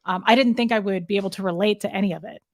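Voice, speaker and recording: A woman speaks as a guest in a conversational interview, recounting her story candidly and emotionally. She often halts and restarts her sentences. Her voice sits in a mid pitch and sounds dry, with no room echo. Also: rapid-fire, a little mellow.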